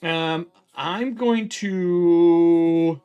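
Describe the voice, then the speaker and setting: A man's voice: fairly high pitch, drawn-out words, clean tone, muffled recording, faint music behind. A man playing a tabletop game solo, narrating casually and thinking aloud as he counts supplies and swears freely.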